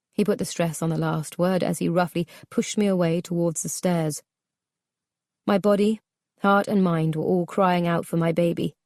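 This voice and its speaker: A woman narrating a memoir audiobook in a measured, subdued, somber way. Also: on the low side, darkish tone, no room sound, clean studio sound.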